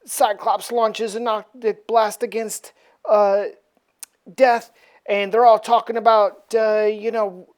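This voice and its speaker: A woman's voice: mid-range voice, level tone, slow, darkish tone. A woman casually recapping a comic book issue in a slangy, offhand way.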